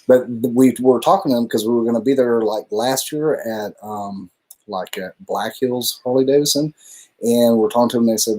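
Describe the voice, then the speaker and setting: A man's voice: mid-range voice, normal speed, dark tone. A man co-hosting a casual live stream, talking in a loose, rambling way and swearing freely. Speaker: livestream co-host.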